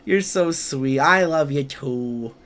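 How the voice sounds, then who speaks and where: A man's voice: medium pitch, slow, a bit bright. A man around thirty streaming a video game, casually chatting and teasing back as he reads and answers his viewers' messages. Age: 30s. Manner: playful, teasing, reads and answers chat aloud. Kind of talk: casual livestream chat while gaming.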